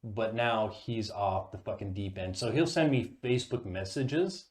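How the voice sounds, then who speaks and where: A man's voice: on the low side, unhurried, darkish tone. A man hosting a casual podcast chat, talking loosely with lots of swearing, stammered restarts and laughter. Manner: stammering, profane, laughs often. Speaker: podcast host.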